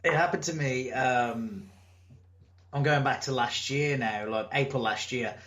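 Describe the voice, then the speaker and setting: A man, a wrestler telling stories in a casual interview, animated and acting out voices, swearing now and then. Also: medium pitch, unhurried. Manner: animated storyteller, acts out crowd and promoter. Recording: echoey room, muffled lo-fi sound.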